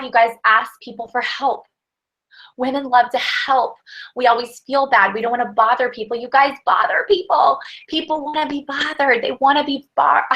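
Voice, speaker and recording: A woman giving a chatty, energetic motivational coaching talk to her sales team. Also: a little high, poor audio. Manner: energetic, chatty, peppered with fillers.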